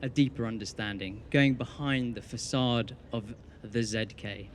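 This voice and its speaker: A man's voice: mid-range voice, measured pace, a little hiss or hum. A young man giving a best man's wedding speech, telling a teasing story with dry punchlines.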